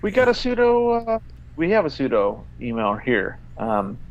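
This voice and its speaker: A man co-hosting a casual podcast, reading an email aloud in an exasperated, halting way full of fillers and swearing. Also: on the high side, sing-song, muffled recording. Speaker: podcast co-host.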